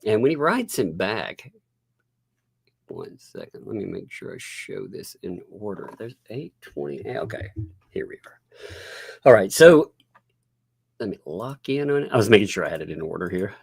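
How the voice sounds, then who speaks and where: A man's voice: on the low side, sing-song, moderate pace, gravelly, pauses often, breathy edge, no echo, clean studio sound. Sarcastic man chatting on a live stream, laughing. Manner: chatty, talks while working on screen. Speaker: host.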